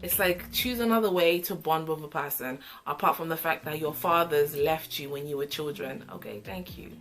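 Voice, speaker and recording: A young woman giving an opinionated, sassy casual review of a reality show, with animated asides. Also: low voice, normal speed.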